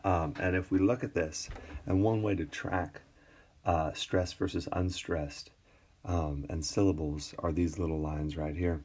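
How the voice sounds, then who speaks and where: A man teaching an English class in a screencast lecture, relaxed and full of fillers and restarts. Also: low-pitched, unhurried. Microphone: tablet recording.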